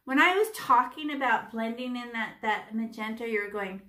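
A woman's voice: a little high, normal speed, hardly any pauses, bright, forceful tone. A woman art teacher leading a children's painting lesson step by step, chatty and playful, with little sound effects and voices.

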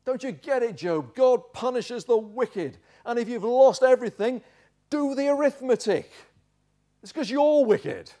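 A pastor acting out an exasperated male accuser who scolds a sufferer in a high, sharp voice. His words grow louder and more mocking, and he hammers each point home. It is a sermon delivered from a pulpit. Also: very animated, unhurried, exaggerated voice. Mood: scolding. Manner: exasperated, mocking, rising to shouting.

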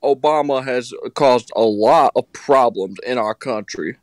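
A man's voice: mid-range voice, unhurried, dry recording. A man, talking on a phone on speaker and giving blunt, short answers as an interview guest. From Mississippi, US. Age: 30s. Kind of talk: phone call conversation.

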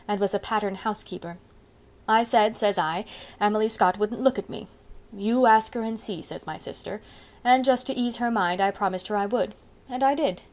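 A sheepish older farmer grumbling good-naturedly over his lot, as a woman narrator puts him on. He talks in a rueful, folksy storytelling way, at a middling pitch. An audiobook figure. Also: natural voice.

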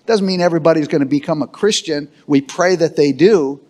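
A male pastor preaching to his congregation in a church, with a voice pitched a little high. He drives his points hard and keeps asking the room for an amen. His delivery is fervent and insistent. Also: a little fast, darkish tone. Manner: emphatic preaching with call-and-response to the congregation. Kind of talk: sermon. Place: church sanctuary.

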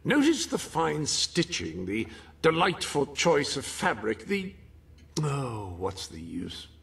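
An actor playing a fussy, formal male royal butler in a video game who speaks with prim, gentle disapproval. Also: medium pitch, huge pitch swings, takes it slowly, full character voice. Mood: polite. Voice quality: raspy, gravelly. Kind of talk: game character dialogue.

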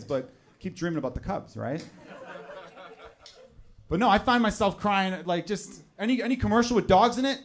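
A man, performing a stand-up comedy set on stage. He talks conversationally and jumps into loud, exaggerated voices when acting out other people. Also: sits high, quick pace. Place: comedy club stage with laughing audience.

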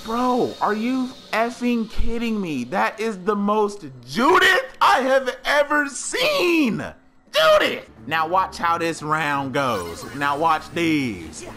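Male gaming YouTuber, very animated, unhurried delivery, slangy trash talk over game music. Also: sits high. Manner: loud outbursts, slangy, trash-talking the game. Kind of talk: excited gameplay commentary.

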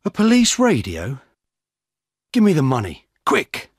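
A man's voice: mid-range voice, sing-song, a little slow, husky, no echo, clean studio sound, voice pushed up. A man doing a sly male thief. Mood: urgent. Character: sly long-haired male thief, adult.

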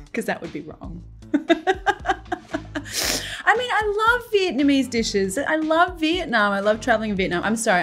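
A middle-aged woman hosting a cooking channel, reading comments aloud in a playful, giggly way with frequent laughter. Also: medium pitch.

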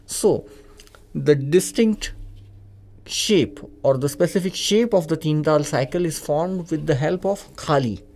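Calm Indian man teaching tabla. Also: fairly high pitch, unhurried, a little hiss or hum. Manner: calm, methodical, repeats key points. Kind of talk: instructional explanation. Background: tabla playing.

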